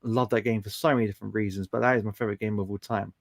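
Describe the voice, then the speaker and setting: A man's voice: lowish voice, fairly even intonation, rapid-fire, vocal fry, no room sound, studio quality. A man chatting casually on a live stream, reading viewer comments aloud in an affectionate, laughing way.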